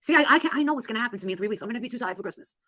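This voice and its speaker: A woman's voice: on the high side, expressive, very fast, pushed and bright, no room sound. A woman hosting a casual livestream, telling stories with brash, profane humor and frequent laughter. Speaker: livestream host.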